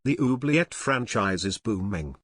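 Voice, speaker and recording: A gruff, deep-voiced man, as a woman streamer puts him on, speaks in a mock-solemn, deadpan boom. The voice sits well below her usual pitch, and the sound is close and dry. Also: measured pace, no room sound, full character voice.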